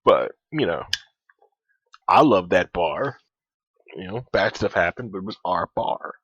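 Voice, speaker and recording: Laid-back, low-voiced podcast host. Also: male voice, lively intonation, measured pace, a bit bright, slightly rough, no room sound. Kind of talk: casual podcast chat. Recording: dull, dry lo-fi sound.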